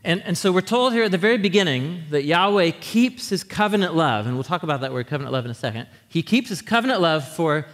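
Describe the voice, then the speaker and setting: A man preaching a sermon in a church, teaching in a conversational, animated way and often checking in with his listeners. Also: a little high, quick pace, few pauses. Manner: animated teaching with frequent restarts. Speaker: pastor. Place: church sanctuary. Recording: long hall reverb.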